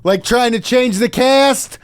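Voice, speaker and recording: A man hosting a podcast, telling a story in casual comedic chat, swearing and jumping up to shouted outrage. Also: very high-pitched, slow, clean tone, no room sound. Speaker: podcast host.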